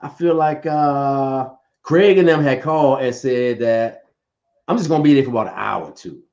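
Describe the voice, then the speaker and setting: A man in casual relationship talk, playful and lively, often repeating words as he gets going. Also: mid-range voice, moderate pace, muffled recording. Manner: animated, playful, repeats words when excited.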